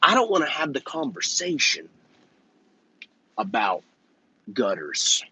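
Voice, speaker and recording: A man who hosts a channel about his softwash business, giving casual business advice bluntly and with some swearing. He keeps checking in with "okay?" and "right?", and he acts out conversations in quick voices. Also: medium pitch, huge pitch swings, husky, no echo, highs cut off.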